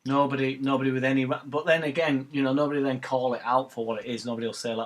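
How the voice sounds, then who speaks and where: A man's voice: medium pitch, fairly even intonation, fast talker. A man hosting a live match watch-along, ranting bluntly about football with swearing and banter. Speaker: fan channel host.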